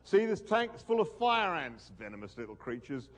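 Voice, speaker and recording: A man's voice: fairly high pitch, very animated, normal speed, fairly bright tone. A man putting on an Australian accent to voice a grumpy, fussy middle-aged male snake venom expert who rants irritably. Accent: Australian, put on.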